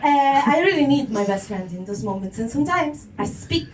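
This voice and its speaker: A woman's voice: sits high, expressive, a little fast, music in the background. A woman with a non-native English accent performing a stand-up comedy set, chatty and swearing, laughing at her own jokes. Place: live comedy venue with audience. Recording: echoey room, mic heard from a distance, crowd laughter.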